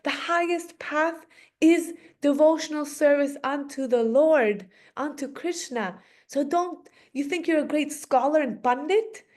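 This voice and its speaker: A woman's voice: high-pitched, very animated, normal speed, a little mellow, pitched above the performer's own voice. A woman voicing a naughty young boy in a children's story, teasing and scolding an older student. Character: naughty mischievous young boy lecturing an elder.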